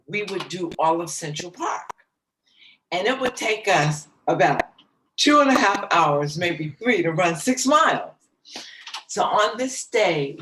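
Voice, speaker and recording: Slow, emotional woman telling a story. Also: fairly low pitch, a bit bright, distant mic, a little hiss or hum, low-quality recording. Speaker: interview guest.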